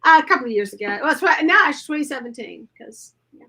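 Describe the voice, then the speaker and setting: A woman's voice: high voice, lively intonation, quick pace, sharp tone. A woman chatting casually as a craft show host, rambling through a story and acting out the quotes. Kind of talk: casual chat.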